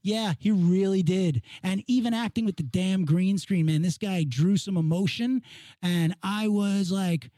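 A man's voice: sits high, measured pace, dark tone, no echo. A man co-hosting a casual chat, talking emphatically and repeating himself as he builds his point. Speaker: podcast co-host.

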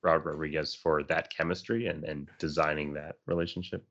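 A man's voice: rumbling low, little pitch movement, fairly quick, fairly bright tone. A man in casual podcast chat, speaking with enthusiasm. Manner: enthusiastic, laughs often. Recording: muffled sound.

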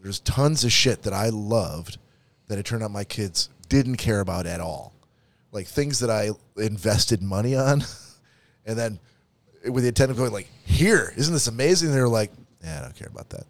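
A man's voice: fairly low pitch, normal speed, vocal fry, dry recording. A middle-aged man, a podcast co-host, talking casually in a rambling, self-interrupting, reflective way. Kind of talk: casual chat.

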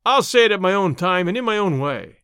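A man's voice: high voice, big pitch swings, fairly quick, pushed and bright, smooth, no room sound, studio quality, full character voice. A man voicing a hot-tempered young Irish newcomer who speaks boldly, with an Irish accent. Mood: defiant.

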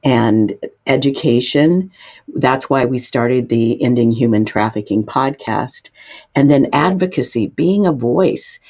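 A woman guest expert answering interview questions, explaining in an emphatic way with sudden lifts in pitch. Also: measured pace, a little mellow, lo-fi sound.

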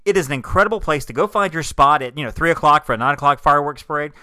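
A man co-hosting a podcast in casual chat, talking in an animated, opinionated way. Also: on the high side, racing, no echo. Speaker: podcast co-host.

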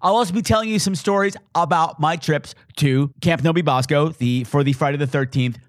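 A camp, theatrical man with a Long Island accent, hosting a podcast in a slightly high voice that leaps even higher when he gets excited. The sound is dry and close, with no room around it. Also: a little fast, no echo. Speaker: podcast host. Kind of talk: casual podcast outro.

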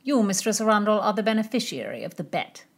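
A woman's voice: medium pitch, sing-song, quick pace, creaky, voice pushed up. A woman voicing an arrogant, mocking young nobleman in a storybook reading. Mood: haughty.

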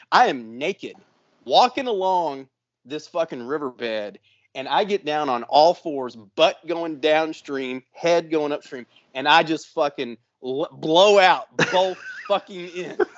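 A man's voice: a little high, lively intonation, unhurried. Profane storytelling man, lo-fi sound. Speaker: podcast host. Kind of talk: casual storytelling.

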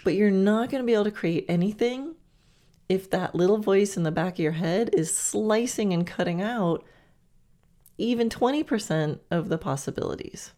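A woman's voice: mid-range voice, moderate pace, warm tone. A woman hosting a podcast, giving chatty, encouraging coaching advice with playful asides. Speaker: podcast host. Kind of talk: coaching monologue.

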